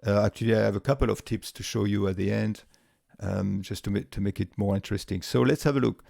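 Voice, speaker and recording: A man with a voice walking through a spreadsheet tutorial step by step, relaxed, with frequent fillers and restarts. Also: fairly low pitch, fast talker, gravelly, no room sound, studio quality. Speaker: tutorial presenter. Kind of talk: screen-recorded software tutorial.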